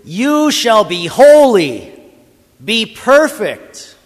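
A man voicing an angry, cruel male slave master who screams slow, harsh commands. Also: high-pitched, sing-song, long reverb tail, voice pushed up, full character voice. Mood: screaming.

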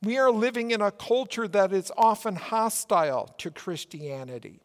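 A male pastor with a Minnesota accent preaching a sermon in a church, earnest and measured, with emphatic rises. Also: very high-pitched. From Minnesota, United States. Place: church sanctuary. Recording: long church reverb.

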